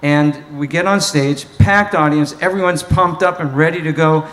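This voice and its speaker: Lively man telling a story. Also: fairly high pitch, normal speed. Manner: animated storyteller, laughing through the tale. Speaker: saxophonist guest. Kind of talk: storytelling at a live Q&A.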